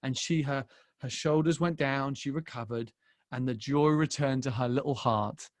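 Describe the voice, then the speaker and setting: A man in his forties preaching a sermon as pastor, telling a personal story and swinging between hushed and loud emphasis. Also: mid-range voice, moderate pace, no room sound. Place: church.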